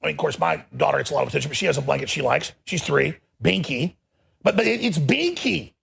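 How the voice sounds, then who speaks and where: A middle-aged man hosting a live show, ranting angrily in a gravelly, raspy voice. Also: medium pitch, racing. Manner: angry, shouting rant. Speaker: talk show host.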